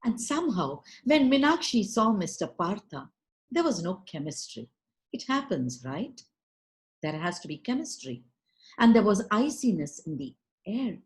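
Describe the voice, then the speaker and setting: A woman from India with an Indian English accent telling a story in an expressive, dramatic way. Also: medium pitch, a little slow. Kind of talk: storytelling performance.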